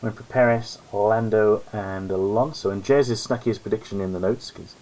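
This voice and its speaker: A man's voice: lowish voice, steady tone, moderate pace, a little mellow, rough recording. A man hosting a live-stream alone, chatting casually in a rambling, self-mocking way. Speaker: host. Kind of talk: solo live-stream commentary chat.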